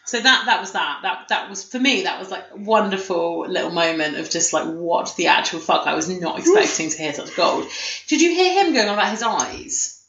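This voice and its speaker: A woman's voice: fairly low pitch, expressive, brisk, a bit bright, slight background noise. A woman chatting casually as a podcast co-host, telling stories animatedly, swearing and laughing. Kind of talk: casual chat. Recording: echoey room, slightly dull sound.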